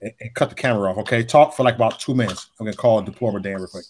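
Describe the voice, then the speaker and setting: A man hosting a live stream, giving quick practical instructions to his co-host while he works the equipment. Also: on the low side, a little mellow, slight background noise. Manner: hurried, runs the show's tech. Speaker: livestream host. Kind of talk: casual live stream chat.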